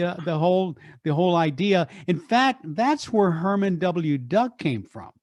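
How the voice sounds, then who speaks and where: An older man, a radio deejay and voice artist, telling stories in an energetic, animated interview. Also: high-pitched, no room sound. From Texas, USA. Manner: energetic, animated, quick restarts. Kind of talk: storytelling interview.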